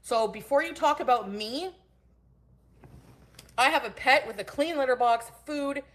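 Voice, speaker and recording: A woman's voice: high-pitched, a little slow, fairly bright tone. A woman hosting a casual livestream from home. She greets her chat viewers by name and goes on angry, profane rants. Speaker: livestream host.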